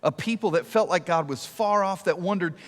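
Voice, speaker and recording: A middle-aged man preaching a sermon to a church, telling stories and asking rhetorical questions, sometimes dropping to a hush for emphasis. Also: high voice, fairly quick. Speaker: guest preacher. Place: large church auditorium. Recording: long reverb of a large hall.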